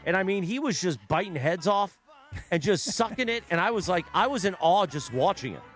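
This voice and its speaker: A man's voice: high voice, a little fast, soft background music. A man hosting a morning sports radio show, joking in casual banter with his co-hosts and reading a live ad. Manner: lively, joking, reads live ads. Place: radio studio.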